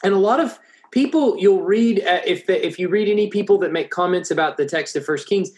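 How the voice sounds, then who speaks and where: Man teaching a Bible passage, halting. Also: high voice, darkish tone. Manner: thinking aloud, frequent restarts and fillers. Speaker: preacher.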